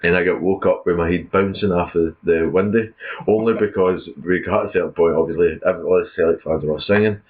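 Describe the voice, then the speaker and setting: Scottish bloke, low voice, chill, sounds like hes on a phone line. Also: male voice, fairly even intonation, fast. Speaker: podcast co-host. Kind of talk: casual chat. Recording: tinny phone-like audio.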